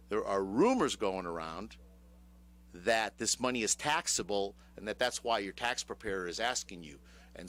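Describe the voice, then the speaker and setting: A man's voice: lowish voice, fairly bright tone. Sardonic man with a Chicago accent. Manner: sardonic, asks his co-host rhetorical questions. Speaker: radio talk show host on taxes. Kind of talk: casual radio talk. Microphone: studio microphone.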